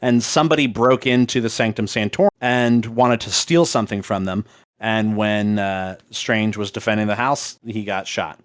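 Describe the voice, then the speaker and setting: A man's voice: on the low side, steady tone, normal speed, no echo. A male podcast co-host in casual chat, talking loosely with lots of fillers and swearing, laughing as he retells a story.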